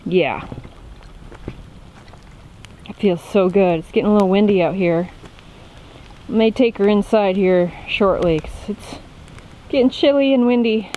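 A woman's voice: medium pitch, measured pace, pauses often, slight background noise, low-quality recording. A woman chatting casually as she vlogs from her off-grid tent camp in the woods, often talking fondly to her dog. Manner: chatty, talks to her dog in a soft fond voice. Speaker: vlogger. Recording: background music over the voice.

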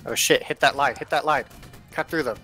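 A man on voice chat in an online game, calling out quick commands to his team. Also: medium pitch, pushed and bright, faint music behind. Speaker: teammate on voice chat.

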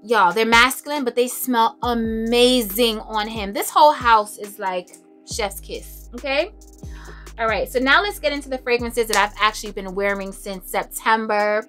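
A young woman chatting casually to camera about her favorite fragrances, expressive and laughing often. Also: a little high, moderate pace, soft background music. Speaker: beauty and fragrance vlogger.

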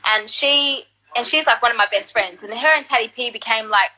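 Woman, singer guest, animated storyteller, bright voice, slightly high. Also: a little fast, rough recording. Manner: animated, laughs while telling stories. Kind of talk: casual interview storytelling.

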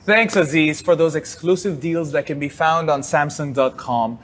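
A man's voice: on the high side, moderate pace, a bit bright. A man hosting a live-streamed tech chat show, playful and enthusiastic. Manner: playful, enthusiastic, says "phenomenal".

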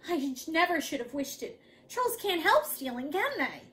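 Woman doing a whiny, high young boy. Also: big pitch swings, normal speed, fairly bright tone. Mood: whiny, excited. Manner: whiny, exclaiming. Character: whiny young boy, grumbling then brave.

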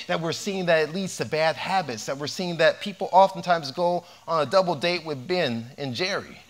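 A man who is a cardiologist giving a health lecture, animated and telling humorous stories. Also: on the high side, normal speed.

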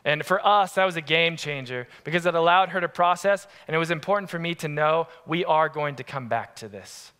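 A man preaching a sermon as pastor, telling family stories in an animated, lively way. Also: fairly high pitch, fairly quick, few pauses, smooth. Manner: animated, acts out family scenes. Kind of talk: storytelling sermon. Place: church sanctuary. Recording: long church-hall reverb.

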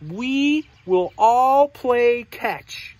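A man voicing a kind, steady male pig in a read-aloud storybook. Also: very high-pitched, very slow, dry recording, voice pushed up, exaggerated voice. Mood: reassuring.

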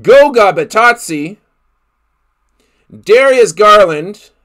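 A man's voice: sits high, lively intonation, slow pace, fairly bright tone. A man hosting a live card break, calling out each player he pulls and exclaiming over the big hits. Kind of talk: live card-opening commentary.

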